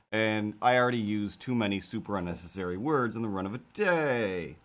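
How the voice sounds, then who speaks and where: A man's voice: fairly low pitch, expressive, normal speed, few pauses, a bit bright. A man rambling playfully on a live stream while he draws. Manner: rambling, playful, talks to imaginary cats. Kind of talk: casual live-stream chat while drawing.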